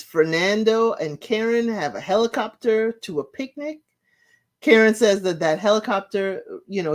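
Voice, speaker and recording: A woman hosting a casual recap, chatty and opinionated, often saying "you know" and acting out quotes with jumps in pitch. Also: a little mellow. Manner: acts out quotes with shifting pitch. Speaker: recap podcast host. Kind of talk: casual reality-show recap commentary.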